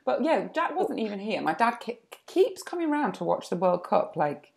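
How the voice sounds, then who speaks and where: A woman co-hosting a casual chat show, with a gravelly edge and a pitch that jumps around as she tells stories. She pokes fun at herself as she goes. The line sounds a little muffled, as if it came down a remote link. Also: moderate pace. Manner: chatty, self-deprecating, lively storytelling. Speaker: podcast co-host.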